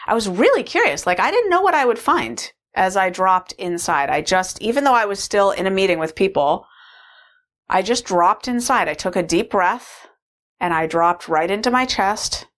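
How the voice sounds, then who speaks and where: A woman's voice: mid-range voice, fairly bright tone. A woman sharing a candid, reflective personal story as a course participant, with frequent fillers. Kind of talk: personal testimonial talk.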